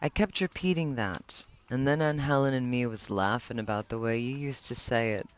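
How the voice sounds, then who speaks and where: Woman reading as a lonely teenage boy. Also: a bass voice. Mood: wistful. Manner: slow, earnest reading.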